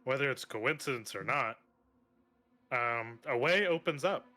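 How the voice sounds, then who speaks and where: A man's voice: medium pitch, expressive, bright, forceful tone. A man narrating as game master of a tabletop role-playing game, speaking hesitantly with many fillers and laughs. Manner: slow, hesitant, laughs often.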